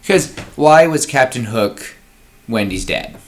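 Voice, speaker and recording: Speaking slowly at a medium pitch, a male podcast co-host brainstorms a story in a relaxed way, bringing its scenes to life with animated acting.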